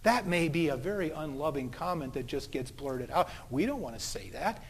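A man's voice: on the high side, lively intonation, moderate pace, husky. A man preaching a sermon as a pastor, telling stories in a conversational way. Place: church sanctuary. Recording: long church reverb.

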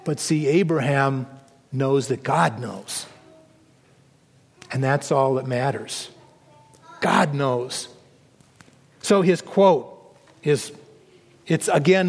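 A man preaching a sermon as pastor, earnest, dropping low and soft for emphasis. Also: takes it slowly, long pauses, big-room sound.

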